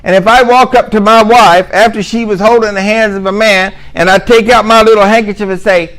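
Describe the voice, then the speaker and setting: Guy lecturing, pretty high voice, middle-aged, sarcastic here and there, hammers points by repeating them. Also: steady tone, brisk, few pauses, fairly bright tone, low-quality recording. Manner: sarcastic asides, emphatic repetition. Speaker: Muslim speaker giving a talk.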